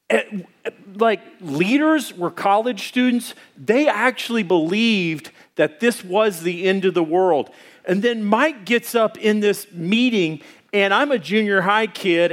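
A middle-aged man preaching a sermon, telling a personal story in an animated, conversational way with frequent restarts. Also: sits high. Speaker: pastor.

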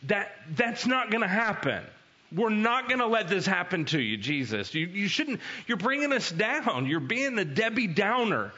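A blunt, protective disciple in his prime, pleading in everyday slang, as a pastor puts him on. His voice sits fairly high and bright and swings around a lot. It comes through a dull, lo-fi recording. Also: big pitch swings, moderate pace, full character voice. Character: Peter, a blunt, protective grown male disciple.

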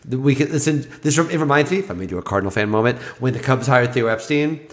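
A man co-hosting a podcast, talking quickly and emphatically about college football and laughing along. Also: mid-range voice, animated. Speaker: podcast co-host. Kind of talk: casual sports chat.

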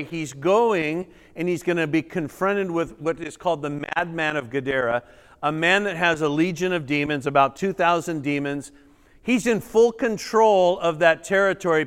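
A male pastor preaching a sermon, reading scripture dramatically and breaking into animated asides to the congregation. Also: a little high, moderate pace, clean tone. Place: church sanctuary. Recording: reverberant church hall.

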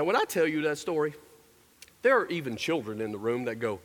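A man's voice: high voice, big pitch swings, brisk. A man preaching a sermon in a church, telling stories and talking straight to the congregation. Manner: storytelling, talks straight to the congregation. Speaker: pastor. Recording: echoey large hall.

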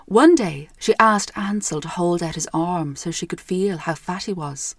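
A young Irish woman narrating a storybook tale in a gentle, measured way. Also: on the low side, no echo.

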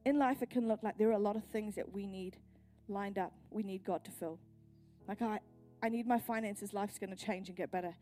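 A woman's voice: mid-range voice, brisk, mellow, soft background music. A woman pastor with a New Zealand accent, pregnant, preaching a sermon at a church service with earnest personal storytelling.

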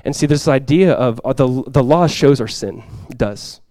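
A male pastor preaching a sermon to his congregation, swinging from loud, impassioned lines to quiet, soft ones. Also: medium pitch, expressive, normal speed, no room sound. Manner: impassioned preaching, swells loud for quoted cries then drops soft. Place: church sanctuary before a congregation.

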